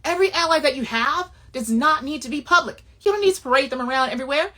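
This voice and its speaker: A woman's voice: high voice, animated, fast talker, pushed and bright. A woman giving life advice in a casual, emphatic monologue with sassy asides.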